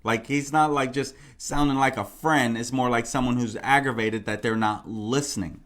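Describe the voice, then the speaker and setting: A man's voice: medium pitch, steady tone, normal speed, fairly bright tone. Rambling man hosting true crime talk. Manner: repetitive, rambling, full of "you know" and "like". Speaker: true crime channel host. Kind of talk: casual true crime commentary.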